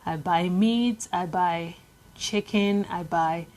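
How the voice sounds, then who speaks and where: Nigerian woman vlogging, low-ish voice, chatty, lots of likes and ums. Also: slow pace, darkish tone. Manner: chatty, repetitive, lots of "like" and "um" fillers. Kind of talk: casual talking-to-camera vlog.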